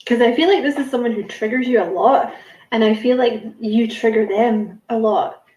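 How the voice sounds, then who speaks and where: A woman's voice: a little high, moderate pace, warm tone, reverberant, low-quality recording. Rambling woman reading oracle cards. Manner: musing and rambling, many fillers and self-corrections. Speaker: tarot card reader. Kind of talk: casual spiritual card reading to camera.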